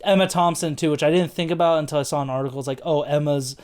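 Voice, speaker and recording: An American podcast co-host on a casual film review rambles loosely, dropping fillers and the odd swear. His voice is fairly high, a little mellow and smooth, and he talks very fast.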